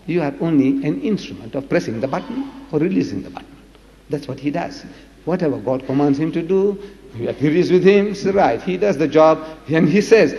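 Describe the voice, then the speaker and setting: A man with a fairly high voice delivers a debate speech in a hall with a long echo. He tells scripture as a vivid story and slips into the voices of the people he quotes. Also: darkish tone.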